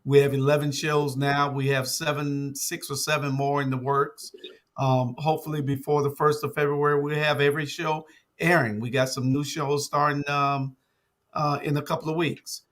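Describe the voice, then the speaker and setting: A man's voice: on the high side, normal speed. An older man who runs a media network, talking casually on a talk show with many "uh" and "um" fillers. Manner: relaxed, uses many fillers like "uh" and "um".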